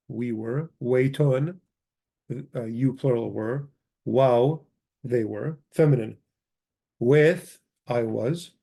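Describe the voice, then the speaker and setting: A man teaches a grammar lesson in a casual, talky way, reading from a book and stopping to correct himself. His voice is mellow and dark, at an ordinary middle pitch. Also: gravelly. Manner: casual, thinks aloud, corrects himself, mutters asides. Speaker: language teacher.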